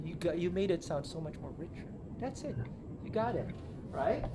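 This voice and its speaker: Male piano coach, masterclass, animated pitch, noisy video-call audio, encouraging and demonstrative. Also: brisk. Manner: lively, demonstrative, sings phrases and shifts voice to illustrate. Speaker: piano teacher.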